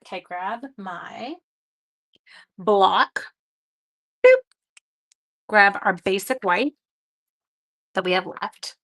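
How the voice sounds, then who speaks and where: Gravelly-voiced chatty woman crafting live. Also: medium pitch, sharp tone. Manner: chatty, talks to live viewers while working. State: short on sleep. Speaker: craft video host. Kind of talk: live craft-along chat.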